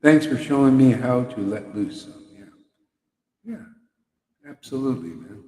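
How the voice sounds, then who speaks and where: A man's voice: medium pitch, expressive, unhurried, dark tone. Fervent man speaking in a reverberant hall. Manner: fervent and playful, laughing often. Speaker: devotional speaker. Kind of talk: devotional satsang talk.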